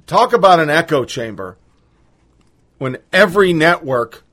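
A man's voice: on the high side, big pitch swings, a little slow, a bit bright. A man hosting a podcast, ranting bluntly with profanity in casual political commentary. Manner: blunt, profane, opinionated rant. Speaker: podcast host.

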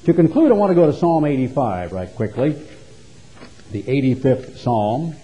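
A mellow-toned man delivers a sermon in a mid-range voice. He drives his points home with rhetorical questions and sudden jumps in volume, dropping low before building up hard. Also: very animated, moderate pace, poor audio. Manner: emphatic, rhetorical questions, wide swings in loudness. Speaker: preacher.

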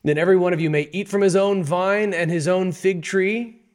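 A man reading the lines of a mocking, threatening royal envoy from an ancient king, in a loud, taunting voice. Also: high voice, steady tone, normal speed, voice pushed up, natural voice.

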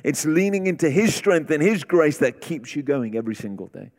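A man's voice: fairly high pitch, sing-song, fairly quick, darkish tone. A man preaching a sermon as guest preacher, repeating short declarations that build in intensity. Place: large church sanctuary. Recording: long reverb of a large hall.

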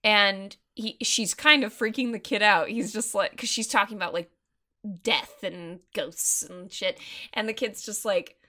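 A woman's voice: mid-range voice, a little slow. A woman co-hosting a podcast, chatting casually and animatedly about a horror movie, swearing freely. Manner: animated, profane, quotes scenes in voices. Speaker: podcast co-host. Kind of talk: casual movie review chat.

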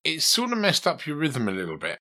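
A man's voice: on the high side, huge pitch swings, a little fast, pushed and bright. A man teaching a guitar lesson, chatting and asking his student questions as he coaches. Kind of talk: conversational one-to-one lesson.

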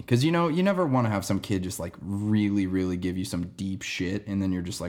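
A young man tells a story on his podcast in a loose, rambling way. His voice sits a little low and stays relaxed, with plenty of "dude" and "man" along the way. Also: fast, few pauses. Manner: rambling, laid-back, says "dude" and "man" a lot. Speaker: podcast host. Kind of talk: casual storytelling monologue.

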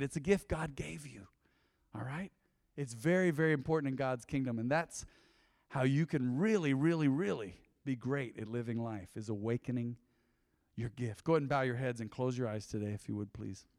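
A man preaching a sermon, telling stories and asking his congregation questions in an animated way. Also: mid-range voice, studio quality. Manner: animated storytelling, lively asides to congregation. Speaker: pastor. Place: church sanctuary. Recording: long reverb in a hall.

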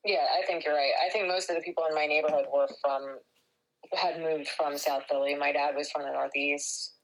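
A woman's voice: low-pitched, fairly even intonation, brisk, rough recording. A woman, co-hosting a podcast in casual chat, agreeable and blunt. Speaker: podcast co-host.

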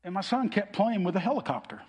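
Middle-aged male pastor with a high-pitched voice, earnest heartfelt preaching, recorded with long hall reverb. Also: sing-song, fast talker, darkish tone, slightly rough. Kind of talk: sermon.

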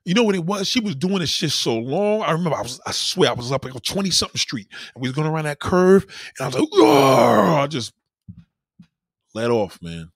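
A man hosting a podcast, telling crude stories in an animated, profane monologue. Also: fairly high pitch, fast talker, no echo, studio quality. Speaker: podcast host. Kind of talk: casual comedic monologue.

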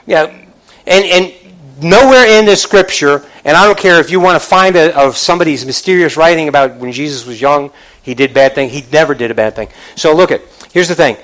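A man preaching a sermon in an animated, conversational way, asking the congregation questions and acting out quoted voices. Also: on the high side, a little fast, slight background noise, poor audio.

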